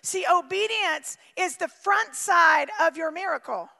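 A woman preaching a sermon with emphatic swings from shouting to near-quiet. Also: very high-pitched, measured pace, gravelly, big-room sound.

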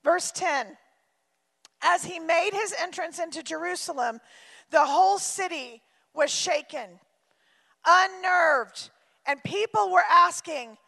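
A woman pastor preaching with emphatic repetition and lively asides. Her voice is very high and bright, with a gravelly fry in it. The long reverb of a large hall hangs on every phrase. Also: takes it slowly. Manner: emphatic, repeats phrases for effect; shifts into lively acted-out quotes and asides. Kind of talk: sermon.

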